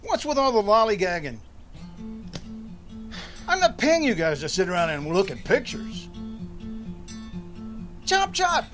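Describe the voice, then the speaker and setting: Bossy older grandpa, high-pitched impatient barking, lively swings, music behind. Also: male voice, measured pace, pauses often. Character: bossy older grandfather ordering movers around.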